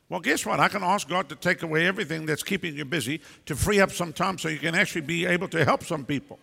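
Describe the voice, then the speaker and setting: A man preaching from the pulpit in a high, gravelly voice that carries a sharp, forceful edge. He is blunt and emphatic, scolding his listeners in sudden bursts. His words ring out with a long reverb through a big church hall. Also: fast, few pauses. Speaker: pastor. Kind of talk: preaching a sermon.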